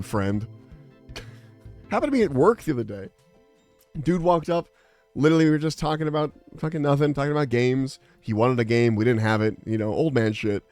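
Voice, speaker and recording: A man's voice: on the high side, expressive, moderate pace, a little mellow, soft background music. A young adult man streaming, chatting casually in a rambling, exasperated, profane way. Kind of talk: casual livestream chat.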